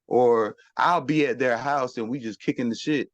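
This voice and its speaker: Panel guest, man: mid-pitched, dry close sound, insistent and repetitive in argument. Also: normal speed, dry recording, lo-fi sound. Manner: insistent, repeats himself, holds the floor. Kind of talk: heated panel discussion.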